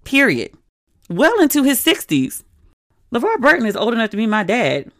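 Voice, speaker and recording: A young adult woman hosting a podcast, telling stories in casual, animated chat with frequent asides. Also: on the high side, normal speed, dry recording, studio quality. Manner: animated, conversational storytelling with asides. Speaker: podcast host.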